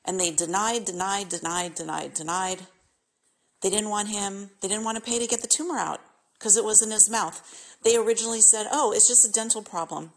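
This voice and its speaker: A woman's voice: medium pitch, fairly even intonation, fast talker. A middle-aged woman from California hosting a podcast, venting her frustration in an emphatic, exasperated rant. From California, United States. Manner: exasperated, emphatic, repetitive complaints. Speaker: podcast host.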